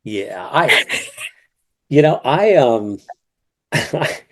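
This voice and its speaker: Man, mid-pitched, rambling guest, restarts a lot, quick to laugh and curse. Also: big pitch swings. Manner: profane and joking. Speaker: guest author. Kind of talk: casual podcast chat.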